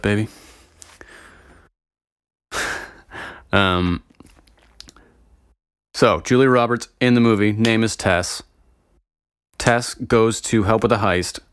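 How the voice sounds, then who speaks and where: A man's voice: on the low side, fairly even intonation, takes it slowly, pauses often, a bit bright, clean tone, dry recording, studio quality. A young man chatting casually and profanely to his viewers, rambling and getting sidetracked as he talks. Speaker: vlogger. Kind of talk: casual solo chat to viewers.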